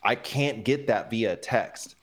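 Man, podcast guest, loose and expressive, lots of "like" and "um", mid-pitched. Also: slow pace. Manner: animated, inflected delivery with many fillers. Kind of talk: casual podcast chat.

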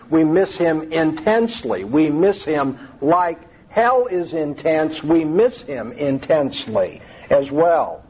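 Male preacher, emphatic rhetorical sermon delivery, husky tone. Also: fairly high pitch, dull audio.

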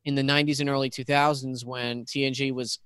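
A man's voice: medium pitch, little pitch movement, quick pace, a bit bright, clear, resonant tone, no room sound. A man in casual chat, rambling and correcting himself. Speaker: podcast co-host.

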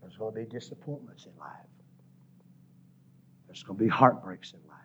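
A man preaching a revival sermon, rhythmically listing words and rising to shouts, recorded in a church. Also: fairly low pitch, normal speed, slight background noise.

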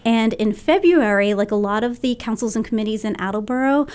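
Slightly high-voiced woman explaining grant figures. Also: fairly quick, darkish tone, clean tone. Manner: explains figures step by step, laughs easily. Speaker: cultural council member, guest. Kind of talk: radio talk show chat.

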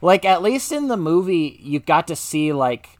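A man's voice: fairly high pitch, big pitch swings, moderate pace. A man co-hosting a podcast, chatting casually in a rambling way with lots of filler words. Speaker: podcast co-host. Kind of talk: casual chat.

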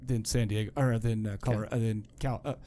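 A man's voice: fairly low pitch, fairly quick, a crowd in the background. A man hosting a podcast in casual banter, jokey and steering the talk between segments. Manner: lively, jokey, runs the segments. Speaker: podcast host.

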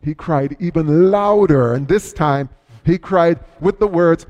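A man preaches a sermon in a slightly high voice, telling the story with vivid drama. His voice swells and drops sharply, and it rings with the long reverb of a large hall. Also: a little slow, highs cut off. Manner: storytelling, dramatic shifts in loudness and pace. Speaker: pastor.

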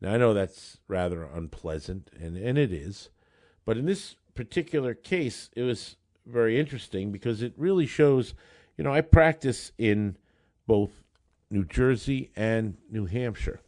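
Animated storytelling lawyer. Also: male voice, fairly low pitch, a little slow. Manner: animated, conversational, acts out dialogue. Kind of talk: storytelling monologue.

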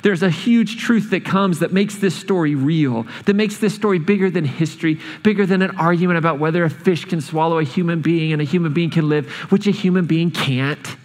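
A man preaching a sermon, storytelling with lively changes of speed and emphasis in a church hall. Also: a little high. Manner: animated storytelling, speeding up and slowing down. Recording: long hall reverb.

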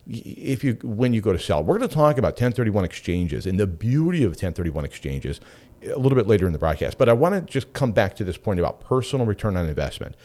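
A man's voice: lowish voice, quick pace. A middle-aged man hosting a radio show, talking casually and telling stories with frequent asides. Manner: animated, chatty storyteller with frequent asides. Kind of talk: casual talk radio monologue.

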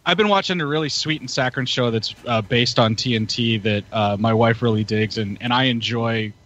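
A man's voice: mid-range voice, fairly quick, fairly bright tone. A man chatting casually as a podcast co-host, hyped up and laughing often. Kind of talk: casual chat. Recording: muffled lo-fi audio.

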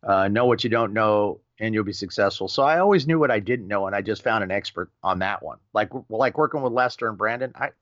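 Animated storytelling man, muffled dry audio. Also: on the low side, fast talker, hardly any pauses, no echo. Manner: lively, acts out quoted voices, swears casually. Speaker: podcast guest.

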